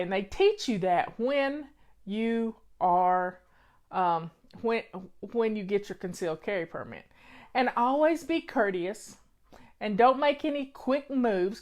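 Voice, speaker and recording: Southern lady rambling slow on a live stream, folksy advice, chatty. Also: on the high side. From Southern United States. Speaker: host of a home-organizing live show. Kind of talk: casual live-stream chat to viewers.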